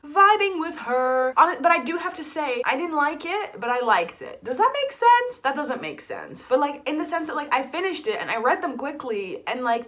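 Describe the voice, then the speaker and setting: A young American woman chatting casually about books in a vlog, animated and talkative, ranting with lots of "like" fillers. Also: fairly high pitch. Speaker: book vlogger. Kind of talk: casual book review chat.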